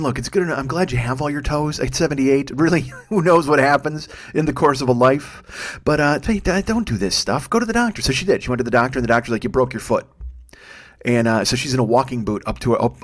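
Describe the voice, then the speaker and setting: A man in his fifties hosting a solo comedy podcast, rambling and self-mocking with heavy swearing. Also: medium pitch. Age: 50s.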